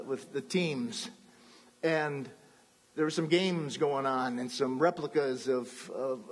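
Man, pastor, sermon, husky voice, chatty with asides, long church echo. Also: fairly high pitch. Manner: conversational, with restarts and asides.

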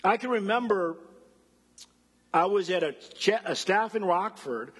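A man giving a sermon as a pastor, animated, acting out voices of the people he quotes. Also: high voice, measured pace, breathy edge, in a large hall.

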